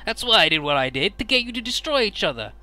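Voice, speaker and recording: A man voicing a bitter, vengeful alien villain who rages in shrill, shouted outbursts. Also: sing-song, fast, heavily acted.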